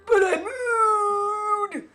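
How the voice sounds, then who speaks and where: A man's voice: very high voice, drawn-out words, bright, forceful tone, pitched above the performer's own voice, full character voice. A man voicing a frail, wheezing old male alchemist who keeps breaking into coughs, with game music behind. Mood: feeble. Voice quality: cracking, coughing voice. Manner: breaks off into coughs mid-sentence.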